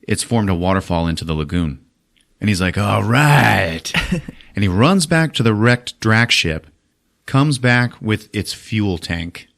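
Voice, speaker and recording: A man hosting a podcast, retelling a movie in profane, animated casual chat. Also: on the low side, unhurried. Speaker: podcast host.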